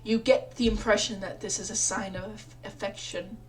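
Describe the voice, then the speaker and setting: A woman's voice: medium pitch, steady tone, moderate pace, slight background noise. A young woman reading a visual novel aloud as a let's play, rambling and self-mocking with frequent laughs.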